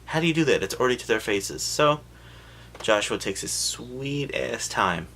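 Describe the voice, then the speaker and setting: A man giving a sarcastic, profane comedic recap of a film, jumping into quick voices for the characters. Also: mid-range voice, lively intonation, gravelly, a bit bright, slight background noise.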